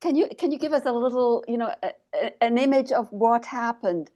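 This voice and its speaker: A woman's voice: a little high, fairly quick, mellow. A woman hosting an interview, asking curious questions and prompting her guests to go on. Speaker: interview host. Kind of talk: casual interview conversation.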